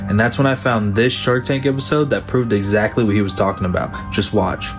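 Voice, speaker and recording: A man's voice: on the low side, fairly even intonation, fairly quick, music in the background. A man narrating a hyped social media promo, brash and casual, swearing freely.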